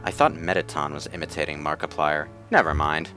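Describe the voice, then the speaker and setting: A man hosting a let's play, making quick wry asides and dry jokes as he plays. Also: extremely low pitch, fairly even intonation, sharp tone, soft background music. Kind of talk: casual gameplay commentary.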